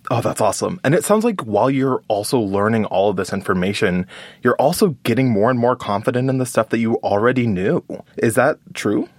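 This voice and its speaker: A man's voice: medium pitch, lively intonation, fairly quick, a little mellow, no echo. A man hosting a podcast interview, playful and encouraging, teasing his guest and laughing along. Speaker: podcast host.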